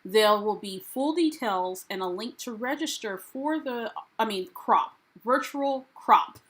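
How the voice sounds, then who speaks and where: A woman's voice: medium pitch, lively intonation, measured pace, slightly rough. An American woman hosting a casual live stream, reading viewers' comments aloud and greeting them in a chatty, upbeat way. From United States. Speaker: livestream host.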